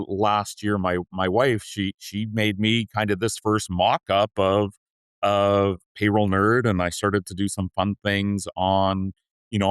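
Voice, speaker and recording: Deep, smooth-voiced man chatting earnestly. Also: fairly bright tone, no echo. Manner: earnest, upbeat, with frequent restarts. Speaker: podcast guest, payroll leader. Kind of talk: casual interview chat.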